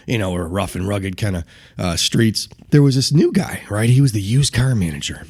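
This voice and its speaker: A man telling a story on a podcast, with lots of laughter, acting out the people in it. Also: fairly low pitch. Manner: lively, acts out voices in quotes, laughs often. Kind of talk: animated storytelling.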